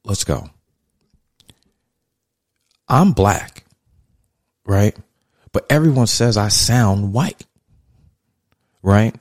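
Deep-voiced dude ranting casually on his podcast, cusses a lot, dry room. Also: very slow, pauses often, no room sound. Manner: blunt, profane, conversational, heats up and gets louder. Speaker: podcast host. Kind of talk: casual monologue commentary.

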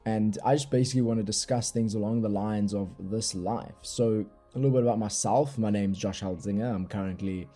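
Laid-back young South African man, dark voice. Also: fairly low pitch, steady tone, brisk, hardly any pauses, soft background music. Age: young adult. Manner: laid-back, rambling, slangy. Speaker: podcast host. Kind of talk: casual solo podcast chat. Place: bedroom at night. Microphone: laptop microphone.

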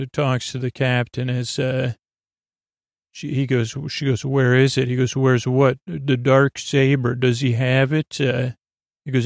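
A man hosting a podcast, casually recapping an episode in a halting way, full of fillers and restarts. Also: medium pitch, creaky, no room sound, studio quality. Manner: retells scenes in a flat paraphrase of the dialogue. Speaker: podcast host.

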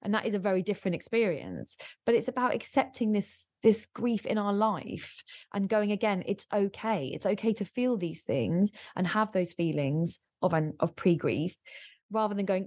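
A woman speaking in a podcast interview, lively and quick to laugh, acting out what other people say. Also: mid-range voice, no room sound. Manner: animated, laughing, acts out quoted people. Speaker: podcast guest and author.

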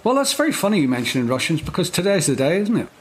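A man's voice: fairly high pitch, sing-song, rapid-fire. Male co-host, playful chatter, laughs a lot, faint hiss behind. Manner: jokey, laughs often, playful asides. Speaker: podcast co-host. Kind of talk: casual chat.

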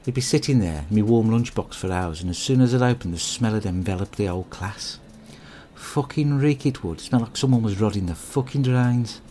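A man delivers a crude, deadpan and rambling comic monologue. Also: fairly low pitch, fairly quick, slight background noise.

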